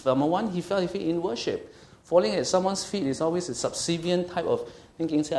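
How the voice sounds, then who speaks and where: A man's voice: sits high, fairly quick, few pauses, a little mellow. A middle-aged man preaching a sermon as a pastor, conversational and emphatic, often checking in with his listeners. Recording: echoey room.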